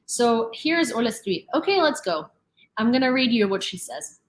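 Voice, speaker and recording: A woman's voice: a little high, big pitch swings, moderate pace, echoey room. A woman hosting her own channel, giving casual news commentary in a chatty way, full of fillers and restarts. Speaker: channel host.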